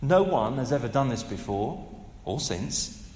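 A man in his fifties preaching a sermon, conversational and animated, with asides and rhetorical questions. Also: medium pitch, measured pace. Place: large church hall. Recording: echoey hall with long reverb.

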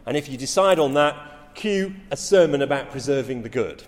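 A man's voice: mid-range voice, expressive, moderate pace, hardly any pauses, big-room sound. A middle-aged man preaching a sermon, telling stories with rising emphasis and frequent restarts.

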